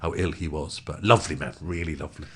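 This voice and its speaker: A middle-aged man talking as a guest screenwriter, enthusiastic and gushing with quick bursts of excitement. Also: very deep voice, breathy edge. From Wales. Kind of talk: casual chat.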